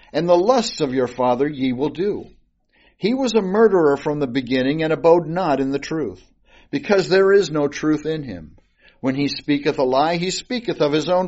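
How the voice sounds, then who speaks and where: A man's voice: a little high, darkish tone. Man teaching scripture, dull lo-fi sound. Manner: reads King James scripture aloud, then explains casually with fillers and restarts. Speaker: Bible teacher. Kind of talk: informal Bible study sermon. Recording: dull lo-fi recording.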